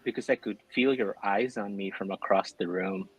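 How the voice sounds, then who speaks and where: A man reading cheesy pickup lines in a deadpan way, as a co-host in a casual online chat. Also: on the low side, normal speed, gravelly, breathy edge, poor audio. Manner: deadpan delivery.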